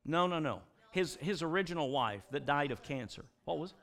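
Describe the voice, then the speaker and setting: Male preacher, middle-aged, animated storyteller, lively and slightly high voice. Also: brisk. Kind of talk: sermon.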